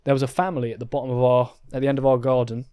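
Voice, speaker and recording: Young man, easygoing podcast co-host, mid pitch, dry close sound. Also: little pitch movement, racing, mellow, clear, resonant tone, dry recording. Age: 20s. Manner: easygoing, laughs along. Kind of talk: casual chat.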